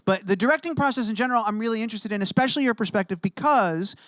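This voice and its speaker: A man hosting an interview, asking quick, stumbling, enthusiastic questions full of restarts. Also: sits high, a bit bright, no echo. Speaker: interview host. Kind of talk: casual interview chat.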